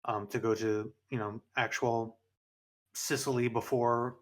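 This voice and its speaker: A man's voice: medium pitch, flat delivery, measured pace. A man from New York co-hosting a gaming podcast in casual chat, rambling and correcting himself mid-sentence. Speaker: podcast co-host.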